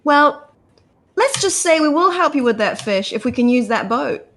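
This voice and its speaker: Hesitant woman with a high voice. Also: animated, normal speed. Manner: hesitant, stammering restarts. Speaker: player. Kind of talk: tabletop game chat.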